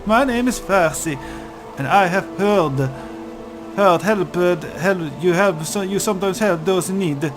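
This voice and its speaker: A man's voice: mid-range voice, measured pace, over music, pitched below the performer's own voice, close to an everyday voice. A man doing a nervous boy with a weird accent. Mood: pleading. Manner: stammering, pleading. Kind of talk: let's-play voice acting.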